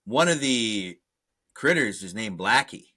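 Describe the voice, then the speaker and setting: Bright, lively man joking about movies. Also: fairly low pitch, measured pace. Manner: lively, joking, riffs with silly bits. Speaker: podcast co-host. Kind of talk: casual movie review chat.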